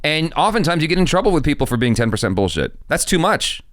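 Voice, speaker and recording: A man's voice: a little high, sing-song, quick pace, a bit bright, dry recording, studio quality. A man co-hosting a reaction show, chatting casually in a rambling way, swearing and laughing often.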